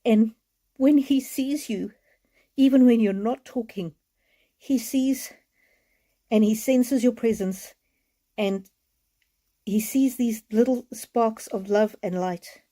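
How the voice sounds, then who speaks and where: A woman giving a live oracle card reading, speaking in a gentle, heartfelt way, repeating her words and sounding tearful. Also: on the high side, slow, long pauses.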